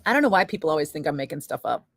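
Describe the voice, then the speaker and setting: A woman's voice: low-pitched, big pitch swings, very fast, background noise. A woman radio DJ telling a rambling story in casual on-air chat, full of filler words. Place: radio studio.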